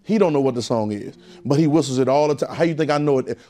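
A man teaches a Bible class like a preacher, repeating phrases and firing questions at the room in an emphatic call-and-response style. His voice is mid-range and quick, with background noise in the recording.

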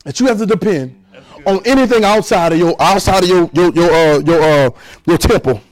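High-pitched preacher man, keeps repeating lines and getting the church to say them back. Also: moderate pace, rough recording. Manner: exhorting, repeats phrases, leads congregation responses. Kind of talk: sermon with call and response.

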